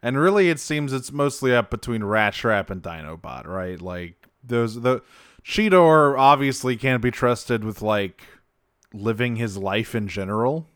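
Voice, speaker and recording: A man's voice: mid-range voice, expressive, unhurried, a bit bright, smooth, no room sound, clean studio sound. A man co-hosting a podcast, recapping an episode in casual chat, swearing freely and laughing often. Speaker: podcast co-host.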